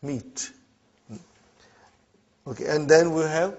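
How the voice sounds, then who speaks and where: A man's voice: a little high, big pitch swings, takes it slowly, pauses often, slightly rough. A middle-aged man teaching an Arabic class, drilling words and asking students "huh?" and "are you with me?". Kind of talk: classroom language lesson. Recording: muffled lo-fi classroom recording.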